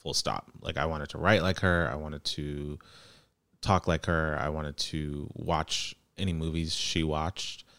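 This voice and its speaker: A man co-hosting a podcast, talking in a relaxed, conversational way. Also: extremely low pitch, measured pace, clean tone, no room sound, studio quality. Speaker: podcast co-host. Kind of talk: casual chat.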